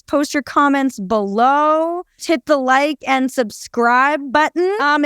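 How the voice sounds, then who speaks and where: A woman co-hosting a casual podcast, talking playfully in quick bursts and repeating her phrases. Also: high-pitched, fairly bright tone, no echo, studio quality. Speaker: podcast co-host. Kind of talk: casual conversational podcast chat.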